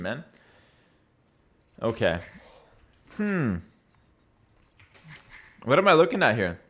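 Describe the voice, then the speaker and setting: Young male streamer, casual game commentary, bouncy expressive pitch, joking, rambling asides. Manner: chatty, joking, thinks aloud with fillers. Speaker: streamer casting a strategy game.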